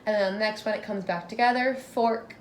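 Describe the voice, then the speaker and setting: A young woman teaching a dance tutorial, clear and instructive as she breaks down and counts out moves. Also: mid-range voice, steady tone, brisk, a little hiss or hum.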